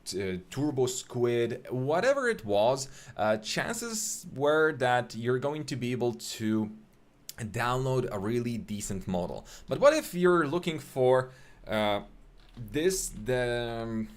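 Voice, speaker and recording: A man's voice: mid-range voice, expressive, slow. A young man teaching a live online 3D rendering webinar, talking in a chatty way with many fillers and restarts. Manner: chatty, filler-heavy, greets viewers by name.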